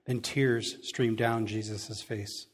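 A man's voice: fairly low pitch, steady tone, slow pace. A man preaching a sermon, reading a Bible passage and adding casual, chuckling asides. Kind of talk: sermon reading scripture with commentary.

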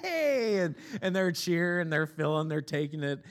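A man with a notably high voice preaches a sermon. His delivery is conversational and easygoing, and he slips from scripture into personal stories and light, self-mocking humor. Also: fairly even intonation, normal speed. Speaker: pastor.

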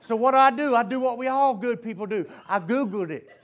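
A man preaching a sermon, telling a story in an animated way and often laughing as he speaks. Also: extremely high pitch, brisk, a little hiss or hum. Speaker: pastor.

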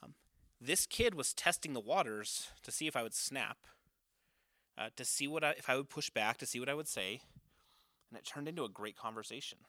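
Guy in his 30s, youth pastor training his leaders, earnest chatty teaching with lots of uhs, sharp bright voice, dry close sound. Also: mid-range voice, expressive, fairly quick, no room sound. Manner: earnest, conversational, many filler uhs. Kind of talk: volunteer leader training talk.

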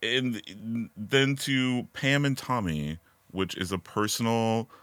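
A man's voice: mid-range voice, expressive, takes it slowly, a bit bright, clean tone, no echo. A man hosting a podcast, chatting with his guest in an enthusiastic, encouraging way. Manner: enthusiastic, encouraging, laughs along. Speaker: podcast host. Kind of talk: casual interview chat.

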